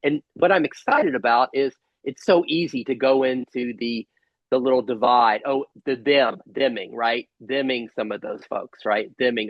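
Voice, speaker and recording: A man hosting a casual spiritual conversation over a video call, earnest and halting, with many restarts. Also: mid-range voice, no echo, highs cut off. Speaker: host.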